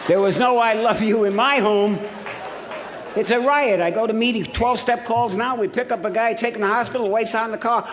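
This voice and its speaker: A man's voice: sits high, fairly quick, slight background noise. A man in his seventies from Ohio, giving a humorous, blunt, earthy recovery talk as a speaker at a meeting in a hotel ballroom. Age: 70s.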